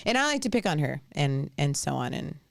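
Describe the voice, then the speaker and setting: A woman's voice: low-pitched, sing-song, brisk, gravelly, no room sound. A woman hosting a live commentary show, talking casually in a rambling, blunt and outspoken way. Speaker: host.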